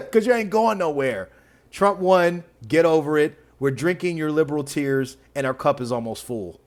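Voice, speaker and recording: A man's voice: fairly high pitch, expressive, normal speed, slight background noise. A man hosting a reaction video who mocks the clips with sarcasm and frequent laughter. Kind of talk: reaction commentary.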